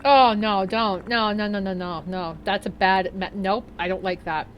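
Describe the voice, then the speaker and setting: A woman's voice: medium pitch, normal speed, slight background noise. A woman streaming a horror game, chatting casually and swearing a lot as she reacts. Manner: excitable and swears freely. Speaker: gaming streamer.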